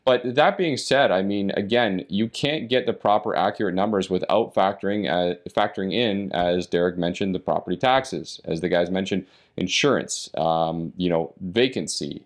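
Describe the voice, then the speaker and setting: A man's voice: low voice, normal speed. A man hosting a podcast, explaining investment property numbers in long, run-on stretches until he runs out of breath. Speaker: podcast host. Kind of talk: casual podcast talk on real estate investing.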